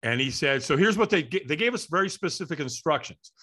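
A middle-aged man telling a story as an interview guest, lively and acting out the voices of people in it. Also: on the high side, a little fast. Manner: animated, acts out voices in his story. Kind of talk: storytelling in conversation.

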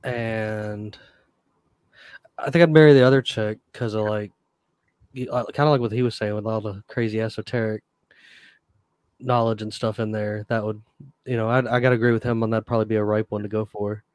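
A man's voice: on the low side, fairly even intonation, brisk, pauses often, a little mellow, smooth, no room sound, clean studio sound. A man on a podcast, rambling hesitantly, with lots of "like" and "you know". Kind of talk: casual chat.

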